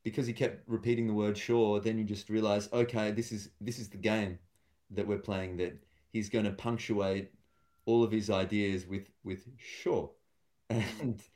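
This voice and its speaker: A man's voice: fairly low pitch, flat delivery, measured pace, warm tone. A man, a stand-up comedian and guest, talking casually and thoughtfully in an interview, with many fillers and restarts.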